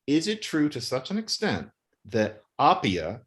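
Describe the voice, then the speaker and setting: A man's voice: medium pitch, huge pitch swings, measured pace, a bit bright. A man, an author being interviewed, arguing in an emphatic, wry way with long spoken sentences. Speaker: author and guest. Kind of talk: interview, animated argument.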